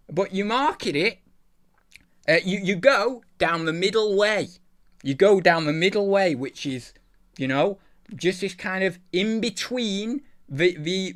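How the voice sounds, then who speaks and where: Brief: male host, chatty and meandering, a touch high-pitched. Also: a bit bright. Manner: rambling, loses his thread, mild swearing. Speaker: channel host, eBay reseller. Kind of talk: casual rambling chat.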